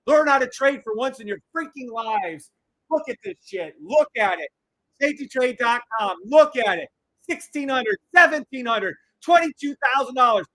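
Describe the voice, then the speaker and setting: Man, middle-aged, high voice, loud excited trading streamer, profane, repeats himself. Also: normal speed, no room sound, rough recording. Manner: hyped, yelling, profane, repetitive hype phrases. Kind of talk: live-stream trading commentary.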